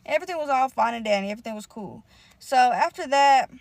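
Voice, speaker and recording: A woman's voice: high voice, fast talker, gravelly. A young woman in casual storytime style, telling a wild story with lots of swearing and acting out quoted lines, with speech. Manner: animated, profane, acts out quoted lines.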